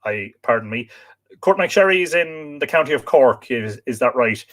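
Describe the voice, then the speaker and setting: A man's voice: medium pitch, animated, moderate pace, a bit bright. An Irish man hosting a live stream, reading out viewers' names and locations and greeting each one, with frequent hesitations and "uh"s. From Ireland. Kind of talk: casual live stream chat.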